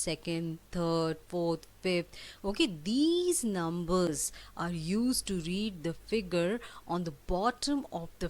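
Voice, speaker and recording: A woman teacher giving a lesson, asking questions and answering them herself, spelling words out and repeating key words. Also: lowish voice. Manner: asks questions and answers them herself, emphatic rising prompts. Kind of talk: classroom lesson for children.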